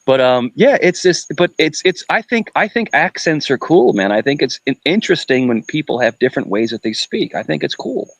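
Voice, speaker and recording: A man from Queens, New York chatting casually on a live stream, rambling and repeating himself with animated energy. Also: a little high, brisk, hardly any pauses, no room sound, low-quality recording.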